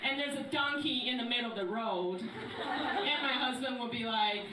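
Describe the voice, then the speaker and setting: A woman's voice: fairly high pitch, normal speed, heavy background noise. A woman, performing a stand-up comedy set and often laughing at her own jokes. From China. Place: comedy club stage. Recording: echoey live room, mic at a distance, loud crowd.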